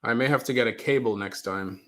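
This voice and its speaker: Guy doing a chatty livestream from a basement, reads out comments, keeps saying sorry when it lags, mid-pitch voice. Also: a little fast, fairly bright tone. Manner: chatty, reads viewer comments aloud, apologetic about stream freezing. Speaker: livestream host. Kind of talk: casual live stream chat. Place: mother's basement.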